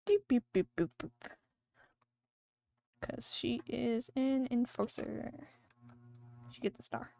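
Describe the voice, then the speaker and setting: A woman's voice: a little high, slow pace, vocal fry, pauses often, mellow. A woman streamer chatting casually and rambling while she draws on a livestream. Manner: chatty, rambling, thinking aloud.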